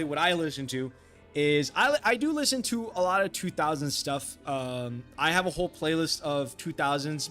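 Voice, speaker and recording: A man's voice: a little high, fairly bright tone. A man streaming live, chatting casually with his viewers and reading their messages aloud. He rambles with many fillers, apologizes often and swears offhandedly. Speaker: livestreamer.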